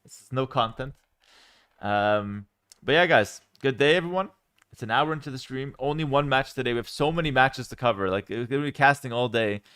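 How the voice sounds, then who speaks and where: A young man from Canada reading and answering chat questions on a casual livestream from home, relaxed and rambling, with lots of ums and repeated words. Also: medium pitch, a little fast, clear, resonant tone.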